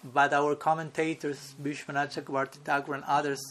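A man's voice: a little high, flat delivery, a little fast, fairly bright tone. A swami giving an online devotional lecture in a conversational storytelling way, often checking in with his listeners.

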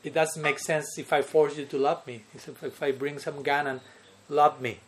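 A man's voice: fairly high pitch, flat delivery, normal speed. A man teaching a devotional lecture, who often chuckles and keeps asking his listeners "no?" and "okay?". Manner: chuckles often between points. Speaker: spiritual teacher.

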